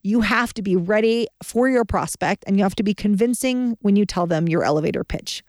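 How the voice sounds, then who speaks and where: A woman's voice: medium pitch, a little fast, a little mellow, dry recording, clean studio sound. A woman hosting a podcast, teaching sales in a confident, emphatic, conversational way as a business advisor.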